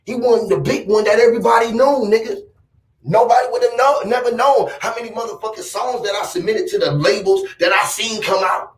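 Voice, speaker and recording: A man with a fairly high voice rants in a loose, boastful and profane way, circling back on his points. He sits back from the microphone, and the room rings around him. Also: brisk, distant mic. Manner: boastful, profane, rambling and emphatic. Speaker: vlogger. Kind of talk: casual rant to camera. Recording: roomy echo, off-mic.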